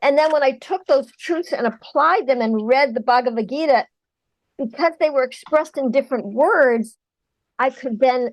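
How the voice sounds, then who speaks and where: Earnest woman with a higher voice. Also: normal speed, no room sound, low-quality recording. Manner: earnest, searching, with restarts. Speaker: guest. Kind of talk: reflective personal account.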